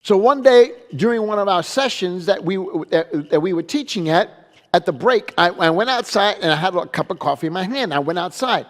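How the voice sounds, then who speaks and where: High-voiced pastor lecturing in a hall. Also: male voice, animated, fairly quick, fairly bright tone. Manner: emphatic, repeats phrases, adds rhetorical "okay?". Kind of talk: teaching lecture. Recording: long reverb of a hall.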